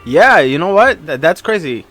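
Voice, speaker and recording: A young man co-hosting a relaxed podcast and asking his friend questions. His voice is bright and a little high for a man. He keeps the back-and-forth loose and easy. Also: normal speed, poor audio. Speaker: podcast co-host. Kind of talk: casual chat.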